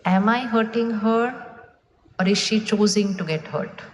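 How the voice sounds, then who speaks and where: A woman's voice: medium pitch, a little slow. A woman giving a spiritual talk to a live audience, asking them questions and waiting for their answers. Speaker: spiritual speaker. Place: large hall with an audience. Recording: echoey hall, faint room noise.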